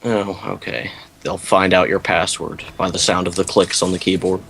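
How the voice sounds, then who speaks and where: A man's voice: low-pitched, fairly even intonation, normal speed, vocal fry, a bit bright. A teenage boy co-hosting a casual online podcast, blunt and a bit reluctant. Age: teens. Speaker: podcast co-host. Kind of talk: casual chat. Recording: faint hiss, keyboard clicks.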